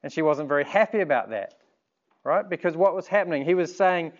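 A man preaching a sermon in an earnest, measured way, asking rhetorical questions. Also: fairly high pitch, lively intonation, muffled recording.

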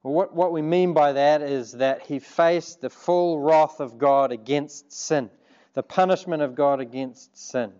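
Earnest New preacher, slightly high voice. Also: male voice, a little slow, mellow, lo-fi sound. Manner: earnest, conversational preaching with asides to the congregation. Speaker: pastor. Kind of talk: sermon.

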